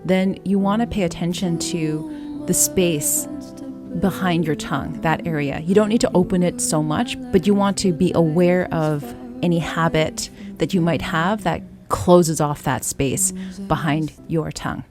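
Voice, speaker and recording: A woman voice coach teaching a song, explaining calmly and singing short example lines. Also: on the low side, measured pace, music in the background. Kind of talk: singing lesson.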